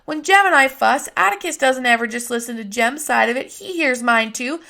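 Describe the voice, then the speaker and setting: A woman's voice: high voice, animated, fairly quick, creaky, pushed and bright, exaggerated voice. A woman voicing a feisty, defiant young girl who argues and pleads in a storybook reading. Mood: earnest.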